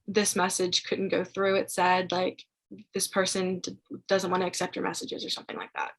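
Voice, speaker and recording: Young woman with a husky, gravelly voice. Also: lowish voice, completely flat delivery, normal speed, a bit bright, poor audio. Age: young adult. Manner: chatty, many fillers like "like" and "um". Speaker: guest. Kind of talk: casual storytelling.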